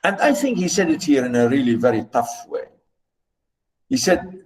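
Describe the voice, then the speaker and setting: A man giving a literature lecture, explaining slowly and emphatically with many repetitions. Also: medium pitch, very animated, darkish tone, rough recording. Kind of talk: recorded lecture.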